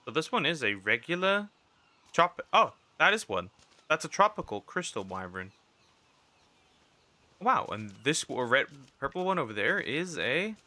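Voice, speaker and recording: Streamer type: young man, very bright tense tone, rambling gameplay chatter to himself. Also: medium pitch, very animated, normal speed. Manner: rambling, talks to himself while playing. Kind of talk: casual gameplay commentary.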